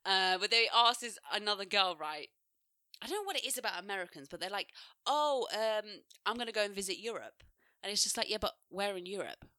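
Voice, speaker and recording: A woman's voice: mid-range voice, a little fast, pushed and bright, no echo, clean studio sound. A woman co-hosting a podcast in casual chat, blunt and swearing freely, laughing often. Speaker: podcast co-host.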